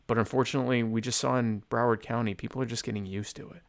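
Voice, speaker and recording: A man's voice: medium pitch, steady tone, fast, gravelly, crowd noise. A man co-hosting a podcast in casual chat, rambling and joking, who slips into mock speeches. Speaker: podcast co-host.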